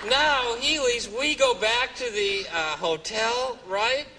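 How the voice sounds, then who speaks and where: A man telling a comic story on stage as a stand-up comedian, jumping into high squeaky voices for quoted exclamations. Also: sing-song, slow, over a noisy crowd. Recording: distant mic, noisy room ambience.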